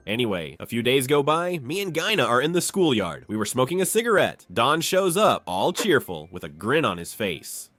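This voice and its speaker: A man's voice: medium pitch, very animated, moderate pace, hardly any pauses, fairly bright tone, no echo. A man narrating a comic story in casual spoken style, doing the other characters' voices himself, with crude slang and a habit of saying "man". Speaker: storyteller voicing all the characters.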